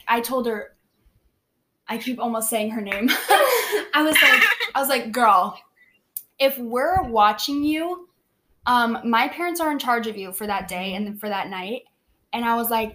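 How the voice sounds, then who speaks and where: A teenage girl telling a long story to friends in a relaxed podcast chat. Her voice sits a bit high, and she leans hard on "like" while acting out what everyone said. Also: slight background noise. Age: teens. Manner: chatty, heavy use of "like", acts out quoted lines.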